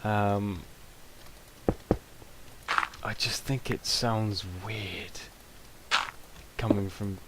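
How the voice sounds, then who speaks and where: Young british guy rambling through game commentary, lots of ums, slightly low voice, noisy home recording. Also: fairly even intonation, very slow, long pauses. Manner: rambling, self-mocking, many ums. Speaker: gameplay commentator. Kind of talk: casual gameplay commentary.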